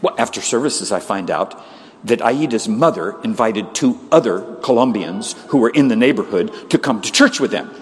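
A man preaching, telling a story in an animated way with frequent stammered restarts. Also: fairly low pitch, moderate pace. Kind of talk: storytelling sermon. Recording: long reverb of a large hall.

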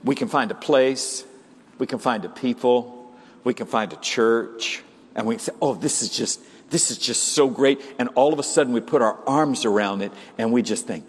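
In a large hall, a husky-voiced male pastor preaches at a moderate pace. He is animated, moving from loud, high outbursts to quiet, low stretches.

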